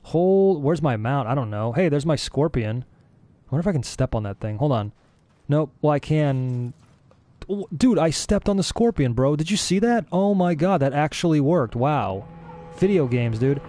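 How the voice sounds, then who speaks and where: A man giving excitable, chatty commentary while playing a video game. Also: a little high, normal speed, no echo. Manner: excitable, chatty, says dude a lot. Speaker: gaming streamer. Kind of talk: casual gameplay commentary.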